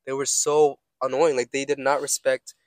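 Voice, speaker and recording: A man's voice: mid-range voice, little pitch movement, moderate pace, no room sound. A young man co-hosting a casual podcast, rambling through stories and swearing freely. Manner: rambling storyteller, swears a lot. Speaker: podcast co-host. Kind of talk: casual chat.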